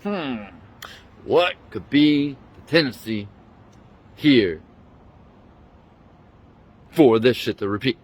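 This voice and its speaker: A man's voice: mid-range voice, lively intonation, slow, long pauses. A man angrily retelling a bad experience in a profane, indignant rant, talking into a handheld phone he keeps switching between hands. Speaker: vlogger. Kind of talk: angry storytime rant.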